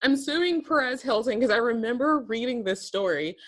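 Animated woman ranting in casual chat. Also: a little high, normal speed. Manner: exasperated, animated ranting with laughs. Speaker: podcast co-host.

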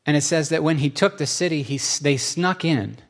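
A man's voice: on the high side, fairly quick. A man preaching a sermon in a church, speaking conversationally and acting out quotes with rising emphasis.

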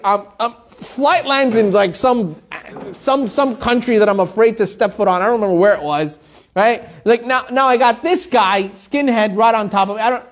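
A man telling stories in a Torah class, acting out the people in them with lively shifts of voice. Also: high voice, normal speed. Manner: animated storytelling, acting out the people in his stories. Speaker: Torah teacher.

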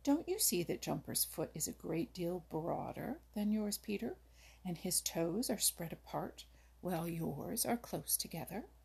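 A kindly but firm old Mother Nature lectures the forest animals like a patient teacher, voiced by a woman reading a storybook. The voice is deeply husky and gravelly. She speaks slowly and lets her questions hang. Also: very animated, heavily acted. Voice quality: husky, creaky. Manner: patient, teacherly, now and then sharp.

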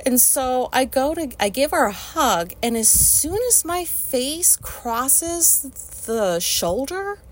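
A woman's voice: high voice, very animated, slow pace. A woman hosting a podcast, telling a casual story in a rambling way, with lots of fillers and free swearing. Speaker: podcast host.

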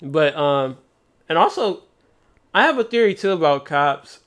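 A young man chats casually and spins stories in a laid-back, slangy way. His voice sits a little higher than most and sounds smooth and clear. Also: expressive, a little slow, a bit bright. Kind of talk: casual chat.

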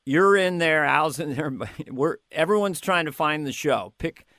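Older comedian guy, kinda high voice, rambling animated stories, laughs a lot, dry close sound. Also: a little slow, dry recording. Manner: animated storyteller, laughing and stammering through anecdotes. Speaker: comedian guest. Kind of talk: casual interview.

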